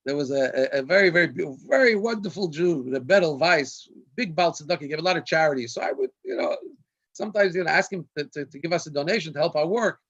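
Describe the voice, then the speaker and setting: A man's voice: fairly high pitch, quick pace, fairly bright tone. A man, a rabbi, telling anecdotes on a video call and laughing at his own jokes. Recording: dull lo-fi video call audio.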